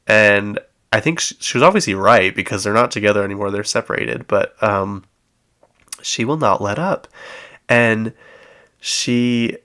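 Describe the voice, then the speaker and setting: A man's voice: lowish voice, sharp tone. A man hosting a podcast, chatting casually through a gossip recap with plenty of fillers and acted-out quotes. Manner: chatty, acts out quoted lines, frequent fillers. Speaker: podcast host.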